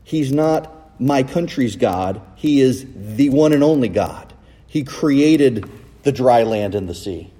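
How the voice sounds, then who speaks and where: A man preaching a sermon in a church, recorded on a cell phone, with animated delivery and rhetorical questions. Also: medium pitch, slow pace, breathy edge, long reverb tail. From United States. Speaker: pastor. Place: church sanctuary.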